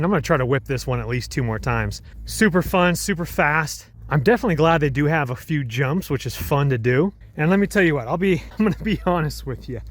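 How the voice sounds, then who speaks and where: Chatty man vlogging on a ski slope. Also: fairly high pitch. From Colorado, USA. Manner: chatty, rambling, enthusiastic. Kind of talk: casual vlog narration. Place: outdoors on a ski mountain. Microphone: handheld phone and action camera.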